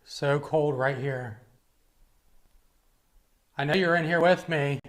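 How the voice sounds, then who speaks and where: Man, paranormal investigator, hushed, jumpy, calling out to spirits, dark cold building, slightly high voice. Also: slow. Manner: hushed and jumpy, addressing unseen presences. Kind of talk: ghost-hunting narration and calling out to spirits. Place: dark, cold old building, partly in a basement.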